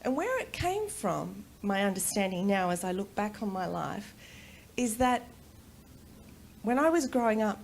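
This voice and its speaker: A middle-aged Australian woman giving a personal storytelling talk at a conference, animated and quick to laugh. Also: mid-range voice, gravelly, slight background noise. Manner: animated, laughs often, acts out voices in quotes. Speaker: conference speaker. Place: conference room.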